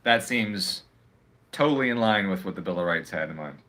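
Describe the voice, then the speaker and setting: A man's voice: sits low, lively intonation, moderate pace, pushed and bright. A man ranting casually on a livestream at home, swearing often and sounding sarcastic as he rambles. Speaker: live streamer.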